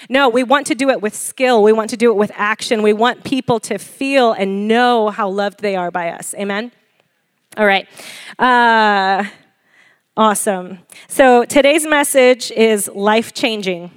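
A woman preaching a sermon in a lively way, often laughing and checking in with "okay?" and "amen?", and asking the congregation to repeat phrases after her. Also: fairly high pitch, clear, resonant tone, no room sound. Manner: laughs often between points.

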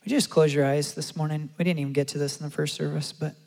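A man preaching a sermon and telling a story, acting out the quotes with animated delivery. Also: fairly high pitch, fast talker, creaky. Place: large church hall. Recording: long hall reverb.

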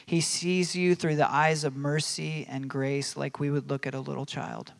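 Preaching in a conversational style, a man with a slightly high voice and vocal fry keeps an even tone at a moderate pace. He uses lots of fillers and restarts and animatedly performs the voices he quotes.

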